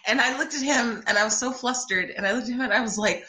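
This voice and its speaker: A woman being interviewed about her first film, telling animated stories, laughing often and acting out what people said. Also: fairly high pitch, fast, reverberant. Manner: bubbly, laughs often, acts out quoted voices. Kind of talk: animated anecdotal storytelling.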